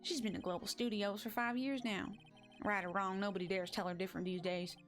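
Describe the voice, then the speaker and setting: A woman's voice: on the low side, fairly bright tone, faint music behind. A woman doing a timid old stuntman with a shaky southern drawl. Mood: nervous. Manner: slow, halting southern put-on. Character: timid older male stuntman actor.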